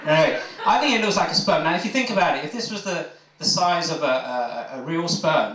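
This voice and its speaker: Male pub comic, rambling and self-mocking, echoey room, mic from afar, voice sits a bit high. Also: lively intonation, moderate pace, few pauses, far from the mic, crowd noise. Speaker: stand-up comedian. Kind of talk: stand-up comedy. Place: pub stage.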